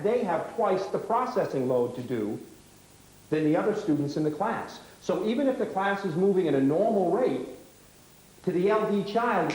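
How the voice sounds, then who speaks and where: Brisk man teaching in an echoey hall. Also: a little high, darkish tone. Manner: brisk, rapid-fire questioning. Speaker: workshop leader. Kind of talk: teaching workshop with audience role-play.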